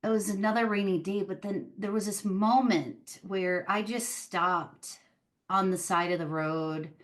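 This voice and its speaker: A woman, an author and podcast guest, telling a personal story in casual interview chat, animated and full of fillers. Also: mid-range voice, unhurried. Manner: animated, chatty, many fillers like "like" and "um".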